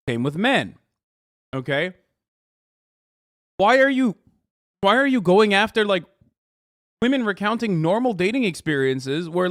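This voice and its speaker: A man hosting a live stream, reacting in casual commentary, animated and exasperated, swearing heavily. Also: on the high side, no echo, studio quality. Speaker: streamer host.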